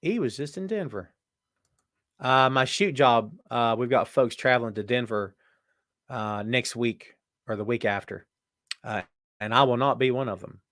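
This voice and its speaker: A man's voice: medium pitch, normal speed, long pauses, fairly bright tone, no echo, studio quality. A man hosting a casual live show, chatting and joking as he reads viewer comments aloud. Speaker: podcast host. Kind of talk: casual live-stream chat.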